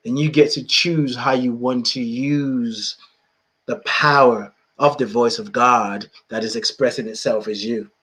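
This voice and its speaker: Reflecting on spirituality, this British podcast host chuckles frequently and tends to repeat his phrases. His mid-range voice is bright and forceful, holding a steady tone at a measured pace.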